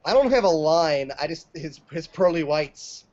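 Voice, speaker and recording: A man with a slightly high voice tells stories on a casual movie podcast. He talks in an animated way. The recording is dull and lo-fi. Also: normal speed. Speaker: podcast co-host.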